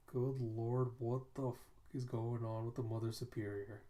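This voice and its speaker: A man's voice: mid-range voice, little pitch movement, a little slow, hardly any pauses, dark tone. A man casually reading a comic book aloud, laid-back, swearing and laughing at the story as he goes. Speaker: comic book reader and video host.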